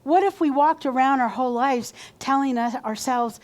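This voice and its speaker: A woman's voice: sits high, moderate pace, few pauses. Woman minister giving a conversational sermon. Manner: conversational, acts out quoted self-talk.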